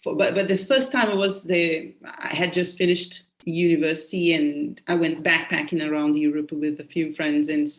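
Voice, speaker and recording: A Brazilian woman hosts a relaxed chat in English, her first language Portuguese, and tells her stories loosely, restarting phrases as she goes. Her voice is fairly low. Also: normal speed, few pauses. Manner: storytelling, loose and chatty with restarts. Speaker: host. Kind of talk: casual conversational interview.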